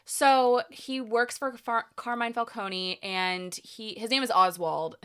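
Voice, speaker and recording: A young woman co-hosting a podcast, chatting casually in a rambling, animated way with lots of fillers. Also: fairly high pitch, takes it slowly, smooth. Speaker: podcast co-host. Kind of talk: casual chat.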